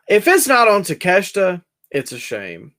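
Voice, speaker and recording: A young man co-hosts a casual wrestling review podcast. His voice sits a little high and he talks in an animated, sarcastic way. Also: a little slow. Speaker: podcast co-host.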